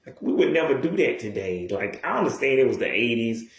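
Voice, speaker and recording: A man's voice: mid-range voice, big pitch swings, brisk. Rambling man with a roomy echo. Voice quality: profane, digressive, many restarts. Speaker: YouTuber. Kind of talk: rambling casual monologue.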